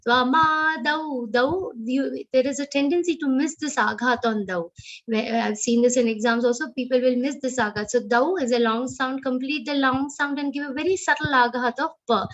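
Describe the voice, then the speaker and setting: A woman with an Indian English accent teaching Sanskrit verse recitation in an online class, correcting pronunciation and chanting lines slowly. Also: fairly high pitch, fairly bright tone, highs cut off. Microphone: video call.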